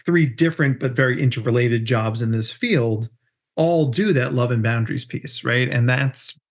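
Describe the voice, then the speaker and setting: A man's voice: mid-range voice, moderate pace. Joking man hosting a podcast. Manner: upbeat, joking, says "right?" a lot. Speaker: podcast host. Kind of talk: casual podcast chat.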